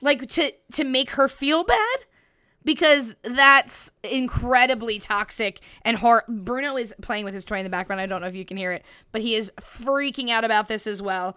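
A woman's voice: fairly high pitch, moderate pace, pushed and bright, clean tone. A young woman hosting a casual solo podcast, talking bluntly and animatedly, swearing freely and acting out quotes. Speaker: podcast host.

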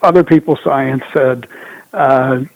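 A man calling in as a guest commentator, talking in a measured, hesitant way with many fillers. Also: medium pitch, dry recording. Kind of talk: casual political talk. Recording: husky tinny phone line.

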